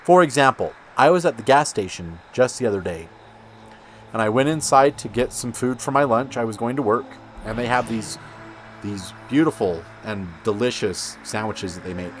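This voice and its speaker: A man's voice: medium pitch, moderate pace, soft background music. A man hosting a gaming channel, talking through gameplay in a rambling, chatty way. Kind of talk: casual gameplay commentary.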